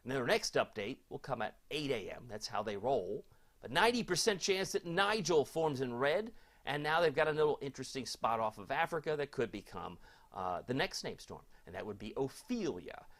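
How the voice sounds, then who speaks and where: Chatty man giving a lively weather forecast. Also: mid-range voice, normal speed. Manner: chatty, folksy, reads viewer comments aloud.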